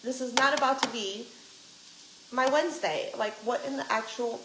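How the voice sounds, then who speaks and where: A woman's voice: on the high side, normal speed, fairly bright tone. A young adult woman vlogger telling a story in casual chat, ranting and swearing freely as she retells what people said. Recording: echoey room, faint background noise.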